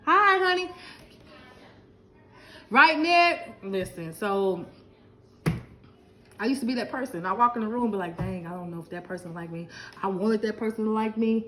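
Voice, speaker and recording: A middle-aged woman from Lubbock, Texas laughs and chats with viewers in a casual live stream, animated and talking straight to them. Her medium-pitched voice moves at a moderate pace with frequent pauses. The audio is poor, with a little hiss or hum.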